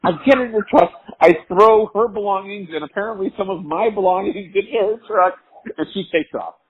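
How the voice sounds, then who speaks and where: A man's voice: sits high, a little fast, slightly rough. A drunk man telling a rambling, profane story over the phone, laughing often. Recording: muffled phone line.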